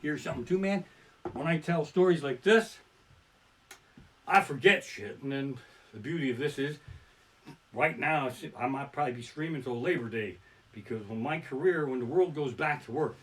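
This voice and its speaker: A man doing stand-up storytelling from his living room, ranting and swearing as he swings between muttered asides and loud outbursts. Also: mid-range voice, moderate pace. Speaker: stand-up comedian. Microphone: barebones home setup.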